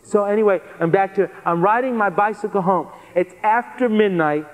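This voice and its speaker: A man telling his conversion testimony to a live audience, earnest and animated, repeating phrases for emphasis. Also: high voice, moderate pace, narrow, tinny audio. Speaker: guest speaker giving a testimony. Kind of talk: testimony sermon storytelling. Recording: long hall reverb.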